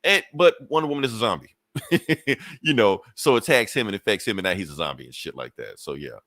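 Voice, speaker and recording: Casual podcast co-host, male, lowish voice, dry close mic, profane and loose, recaps comic plots. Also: expressive, fairly quick, fairly bright tone, no room sound. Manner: loose and profane, acts out characters' lines with laughs.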